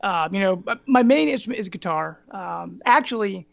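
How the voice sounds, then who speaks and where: A man with a gruff, raspy voice, a podcast guest chatting casually and wandering into tangents. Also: sits high, expressive, moderate pace, dry recording, highs cut off. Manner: rambling, tangents with many ums. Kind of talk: casual chat.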